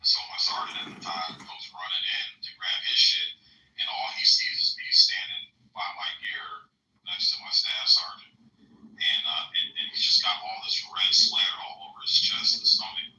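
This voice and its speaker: A man's voice: sits low, flat delivery, normal speed, bright, forceful tone, roomy sound, far from the mic, lo-fi sound, slight background noise. A man telling profane, rambling stories in a casual chat.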